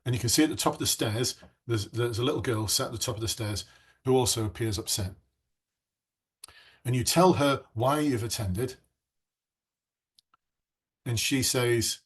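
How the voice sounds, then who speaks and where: In a live online masterclass, a middle-aged man coaches aspiring police officers, chatting and responding to viewer comments. He speaks at normal speed with a medium pitch, a breathy edge and long pauses.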